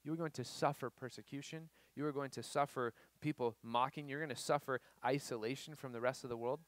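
Casual, animated man preaching to teens. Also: mid-range voice, brisk, no room sound. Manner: casual, animated preaching with fillers and acted-out quotes. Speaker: youth pastor. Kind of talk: sermon to students.

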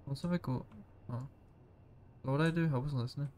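A man casually commenting while playing a horror game, excitable and swearing freely. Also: medium pitch, fairly quick. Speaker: gaming channel host.

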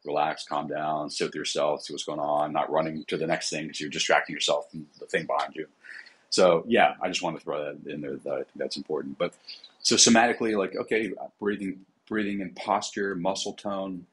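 A man's voice: rumbling low, fairly even intonation, a little fast, a bit bright, breathy edge, poor audio. A man, a psychotherapist and coach, talking casually in a podcast interview, with many fillers.

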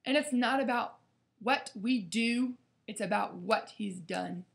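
Woman, youth Bible study leader; earnest devotional talk, slightly high voice with a gravelly edge. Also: takes it slowly. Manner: earnest, preaching, acts out quotes dramatically.

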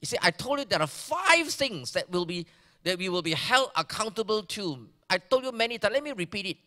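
A Malaysian male pastor preaches in a bright, high, very lively voice, taking his time over each phrase. He moves from loud emphasis to hushed, almost whispered asides. The sound carries the long reverb of a church hall. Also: a little fast. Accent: Malaysian English. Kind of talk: sermon.

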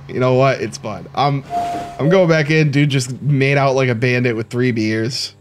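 A man's voice: mid-range voice, moderate pace, music in the background. A young man giving casual, joking let's-play commentary, talking to himself with sudden startled outbursts. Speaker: gaming YouTuber.

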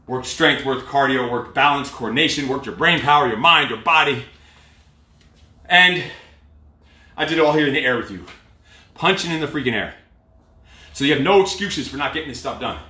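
A man working as a fitness coach, cueing a live workout and giving a loud, blunt, profane pep talk. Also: medium pitch. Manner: loud, pushy, profane motivator. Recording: echoey room, mic at a distance.

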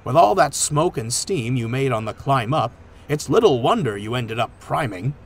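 A man's voice: mid-range voice, big pitch swings, normal speed. A man doing a scolding train driver. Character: gruff adult male train driver. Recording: music playing underneath.

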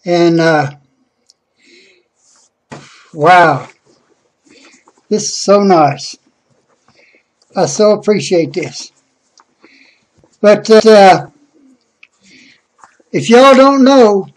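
A man talking casually into a webcam about a package, hesitant, with many pauses and restarts. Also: high voice. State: out of breath. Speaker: vlogger. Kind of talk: casual unboxing vlog.

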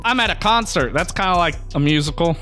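A man's voice: fairly high pitch, animated, fast talker, loud music behind the voice. A man playing an online game with friends in casual chat, cocky and trash-talking. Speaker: game player.

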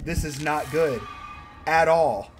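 A man playing a horror game and commenting, panicky, yelling and swearing at the enemies. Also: on the high side, takes it slowly, music in the background. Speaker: gamer. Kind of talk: let's play commentary.

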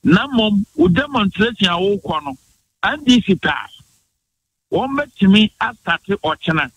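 Arguing politics hotly as a guest on a radio morning show, this man from Ghana's Bono region speaks with a Ghanaian accent, emphatic and rapid-fire, and drops in English phrases. His high voice swings widely in pitch and is fairly bright and slightly rough. The recording is muffled, with no room sound.

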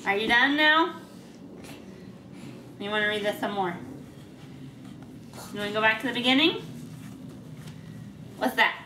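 A woman reading picture books aloud to a toddler, asking patient questions in a slow, playful way. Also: on the high side, noisy background. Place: home room. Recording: roomy home video from a distance.

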